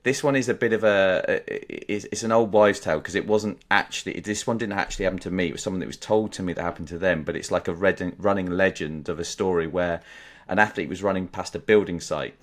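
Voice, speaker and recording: A man's voice: deep voice, fast. A man with an English accent, co-hosting a podcast and chatting casually, telling anecdotes and laughing often. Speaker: podcast co-host. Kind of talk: casual chat.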